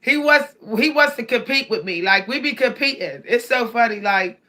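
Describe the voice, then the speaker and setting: A woman chats casually to her viewers, animated and laughing as she talks. Her voice sits high and sounds bright and forceful. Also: normal speed. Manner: animated, laughs often, addresses viewers directly. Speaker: cat owner vlogger.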